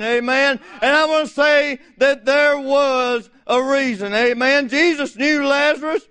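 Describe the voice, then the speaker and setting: A middle-aged man preaching a folksy, fervent sermon in a church, rising to shouts. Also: very high-pitched, measured pace, hardly any pauses. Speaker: visiting preacher.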